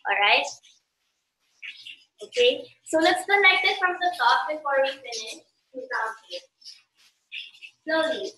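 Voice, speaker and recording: A woman's voice: high-pitched, big pitch swings, a little slow, pauses often, sharp tone. A woman from the Philippines teaching a dance tutorial, counting beats aloud and checking in with okay. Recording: roomy echo, voice from a distance.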